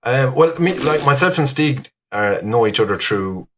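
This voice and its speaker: A man's voice: mid-range voice, animated, moderate pace, fairly bright tone, slight background noise. A young Irish man chatting as a podcast guest, rambling with lots of fillers and laughs. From Ireland. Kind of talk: casual chat.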